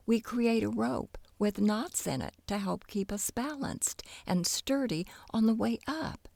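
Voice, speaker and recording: A woman's voice: mid-range voice, creaky, a little mellow, no echo, voice pushed up, exaggerated voice. A woman voicing a boastful, careless young boy in a children's storybook, cocky and chatty.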